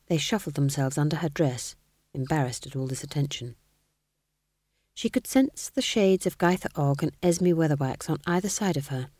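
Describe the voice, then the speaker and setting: A woman narrating an audiobook in an expressive, measured reading. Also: low voice, dry recording, clean studio sound. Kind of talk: scripted narration.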